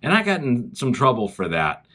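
A man with a Southern US accent gives a children's chapel talk, telling a story to the schoolchildren. His pitch rises and falls a lot, and he keeps asking the kids direct questions. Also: huge pitch swings, normal speed, bright, forceful tone, slightly rough. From South Carolina, USA.

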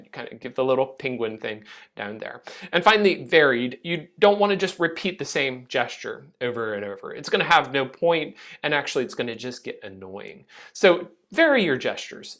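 A man teaching a lecture on speaking and gestures, animated and demonstrative, often restarting his phrases. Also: on the high side. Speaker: speech teacher. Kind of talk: classroom lecture.

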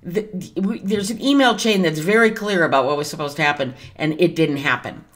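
A woman with a slightly low voice talks to camera as a tarot reader. She is chatty and wanders from point to point, with mild cursing along the way. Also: brisk. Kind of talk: casual vlog monologue.

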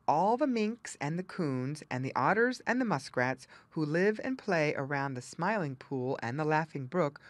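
A woman reading a children's audiobook aloud with lively, expressive storytelling. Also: low-pitched, no room sound. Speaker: audiobook reader.

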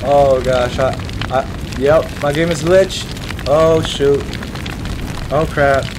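A man's voice: fairly high pitch, fairly even intonation, slow pace, noisy background. Young man yelping through a horror game. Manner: panicky, yelps and shouts when scared. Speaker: gaming streamer. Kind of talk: horror game let's play commentary. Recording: game music playing loudly behind.

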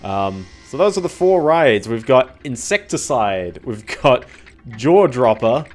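A man's voice: mid-range voice, big pitch swings, a little slow, a little mellow, a little hiss or hum. A young man giving casual, rambling gameplay commentary as a streamer. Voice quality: rambling, self-deprecating.

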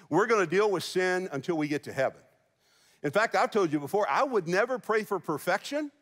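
High-voiced pastor in a reverberant hall. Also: male voice, animated, normal speed, fairly bright tone. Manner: folksy storytelling with jokes. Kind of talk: sermon. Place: large church auditorium. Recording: long church hall reverb.

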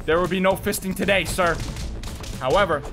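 A young man giving excitable commentary over a video game, chatting to viewers and breaking into loud yelps and shouts during the action. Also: sits high, a little fast. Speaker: gaming video host. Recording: faint game music behind.

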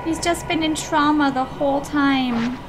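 A woman with a high, bright voice commentates her horror game playthrough, easily startled and quick to curse or squeal. Her running commentary sits over a steady noisy hiss. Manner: excitable, swears and shrieks when scared; reads game text aloud in Japanese. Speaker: gaming streamer. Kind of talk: let's play commentary.

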